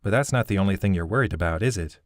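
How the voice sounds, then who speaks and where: A man's voice: deep voice, rapid-fire, no room sound, studio quality, lightly acted. Young half-elf hero in an audiobook, earnest, easily thrown, male narrator's near-own voice. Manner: earnest, flustered.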